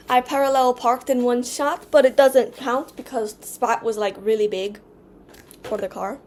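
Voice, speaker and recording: An American woman rambles through a casual vlog at home, her voice sitting a little high. She wanders from topic to topic, pausing to clear her throat, with a faint hiss in the background. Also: fairly even intonation, a little mellow. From United States. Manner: rambling and distracted, with an odd put-on accent. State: occasional coughing and throat clearing. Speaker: vlogger.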